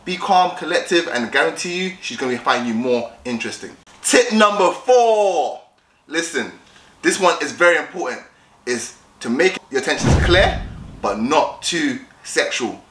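Bright-voiced young man, echoey room. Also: medium pitch, animated, normal speed, a little hiss or hum. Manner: direct, repetitive, acts out both sides of chats. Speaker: vlogger giving dating tips. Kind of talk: casual advice vlog.

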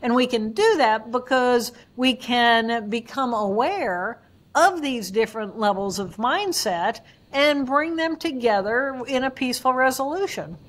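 A woman being interviewed as a neuroanatomist, explaining brain science with animated examples she acts out in voices. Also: on the high side, a little slow. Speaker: guest neuroanatomist.

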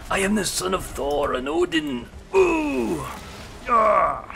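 A man's voice: very high-pitched, sing-song, moderate pace, vocal fry, a bit bright, a little hiss or hum, voice pushed up, exaggerated voice. A man voicing a boisterous, boastful male Viking warrior with a put-on Viking accent, bellowing battle cries. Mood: triumphant.

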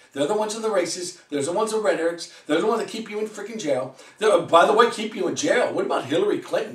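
A man's voice: a little high, far from the mic. A man ranting heatedly in a political vlog, firing off rhetorical questions and swearing. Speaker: vlogger. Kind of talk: political rant. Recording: echoey room, away from mic.

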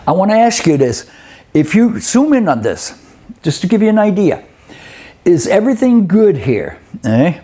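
A man's voice: sits high, very animated, normal speed, dark tone, husky. A middle-aged man giving a live webinar lecture on truck inspections, folksy and conversational, often checking in with "okay?" and "eh?". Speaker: instructor.

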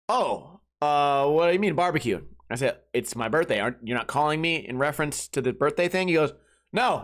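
Man, comedy podcast host, high voice, crude, rambling, casual storytelling. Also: fairly bright tone.

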